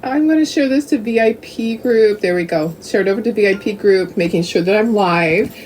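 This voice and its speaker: A woman's voice: mid-range voice, fairly quick, a little mellow, distant mic, slight background noise. A middle-aged woman chatting casually and giggling as she hosts a craft livestream from home, cooing at her dogs now and then. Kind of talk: casual live-stream chat.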